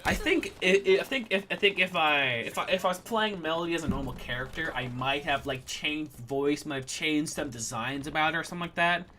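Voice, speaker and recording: A man's voice: fairly high pitch, a little fast, few pauses, bright, forceful tone, slight background noise. A man streaming a game and chatting casually about running a tabletop campaign, rambling with lots of fillers and restarts. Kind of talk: casual chat while gaming.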